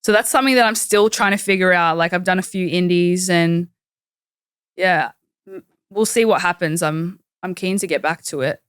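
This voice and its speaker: A woman's voice: on the low side, moderate pace, clear, resonant tone, no room sound, clean studio sound. A young woman with an Australian accent, chatting casually as an interview guest and dropping lots of "like" fillers. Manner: chatty, uses many "like" fillers. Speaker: professional wrestler, guest. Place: studio.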